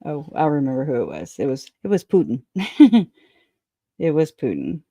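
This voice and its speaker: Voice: medium pitch, wildly swooping pitch, normal speed, warm tone, no room sound, studio quality. A livestream host in casual commentary, reading quotes aloud and chatting with viewers, with loose, folksy speech and frequent laughter. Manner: chatty, laughs often, breaks off to talk to chat.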